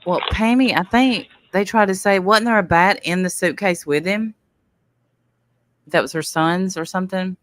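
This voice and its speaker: A woman's voice: medium pitch, normal speed, dry recording. A woman co-hosting a casual reaction chat, thinking aloud and hedging her views. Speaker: co-host.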